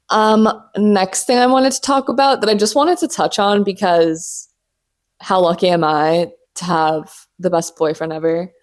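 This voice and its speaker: Young woman podcasting solo, joking around, lots of swearing, super casual. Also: mid-range voice. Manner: playful, swears freely, drawn-out teasing asides. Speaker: podcast host.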